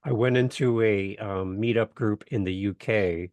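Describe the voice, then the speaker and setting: A man's voice: lowish voice, a little slow, no echo. A man from Canada, a guest on a podcast, chatting casually and telling stories with jokes. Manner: joking, animated storyteller. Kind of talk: casual interview chat.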